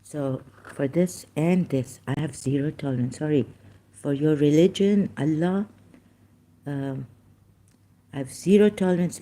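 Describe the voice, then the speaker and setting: Addressing commenters in an agitated rant, this YouTube host rambles and keeps dropping in apologetic asides. The voice is mid-range and mellow, moving at a moderate pace.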